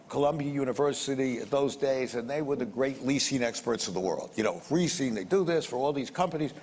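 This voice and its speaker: A man's voice: mid-range voice, a little mellow, a little hiss or hum. An older man telling a conversational business anecdote, repeating phrases and acting out the dialogue. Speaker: investor telling a story. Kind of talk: anecdotal storytelling. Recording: long hall reverb, faint ambience.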